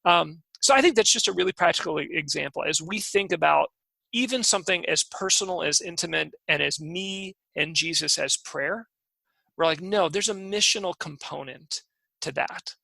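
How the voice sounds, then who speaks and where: A man's voice: on the high side, normal speed, creaky, bright, forceful tone, no echo, poor audio. A man co-hosting a podcast, talking about faith in an earnest, eager way and often restarting his sentences. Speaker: podcast co-host. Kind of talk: casual faith discussion.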